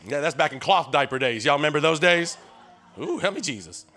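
Here a man in his sixties, speaking with a Tennessee accent in a voice on the high side and a little fast, fills in as guest preacher. Folksy anecdotes with plenty of restarts mix with calls to the crowd, whom he keeps spurring on in lively back-and-forth.

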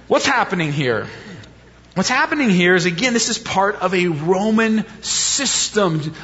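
A man's voice: sits high, sharp tone. A man preaching a sermon in a conversational way, posing rhetorical questions and repeating key points for emphasis. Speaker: pastor. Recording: reverberant hall, dull lo-fi sound.

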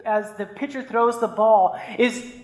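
A man preaches a sermon in an easygoing, conversational way, weaving in stories and tossing out quick asides to the room. His voice rings out with a long reverb, as in a large hall. The sound is roomy rather than close. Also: high-pitched, a little mellow. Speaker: pastor.

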